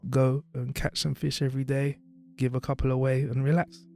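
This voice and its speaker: Brief: man voicing an easygoing old fisherman, unhurried and mid-pitched. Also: level tone, creaky, darkish tone, natural voice. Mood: laid-back. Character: laid-back retired old fisherman.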